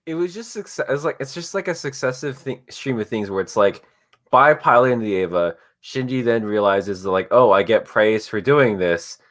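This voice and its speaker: A man hosting a casual podcast chat, telling stories with quick voiced asides. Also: mid-range voice, expressive, fairly bright tone. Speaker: podcast host.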